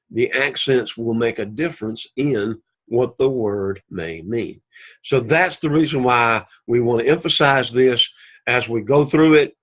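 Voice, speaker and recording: A man's voice: medium pitch, highs cut off. A man teaching a Greek class, saying each word several times over and explaining where the accent falls. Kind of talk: recorded language lesson.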